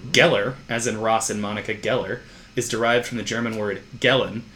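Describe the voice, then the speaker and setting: A young man co-hosting a casual podcast, explaining ideas earnestly and quickly. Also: on the low side, fairly even intonation, sharp tone, a little hiss or hum. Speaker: podcast co-host and editor.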